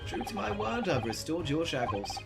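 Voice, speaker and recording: A woman voicing a brilliant, pompous male detective in a lowered, drawling British accent, over game music. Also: big pitch swings, normal speed, gravelly, heavily acted. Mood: smug.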